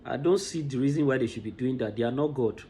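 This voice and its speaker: A man's voice: medium pitch, quick pace, mellow, a little hiss or hum. Impassioned man commenting. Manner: emotional, repeats words as he restarts.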